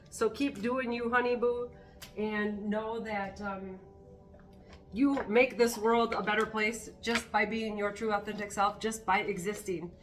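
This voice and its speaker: Earnest woman giving a spiritual card reading. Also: medium pitch. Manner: earnest, encouraging, spontaneous asides. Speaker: tarot card reader.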